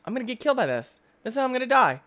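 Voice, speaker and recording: Excitable, goofy man yelling over a game. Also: very high voice, racing. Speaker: gaming YouTuber. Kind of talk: let's-play game commentary.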